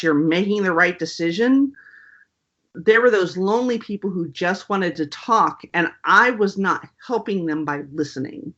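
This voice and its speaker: A woman guest on an interview, talking casually and wryly with lots of "um" and "you know". Her voice is bright and sharp. The recording sounds dull and lo-fi. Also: fairly low pitch. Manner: animated, wry, lots of fillers. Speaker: author guest.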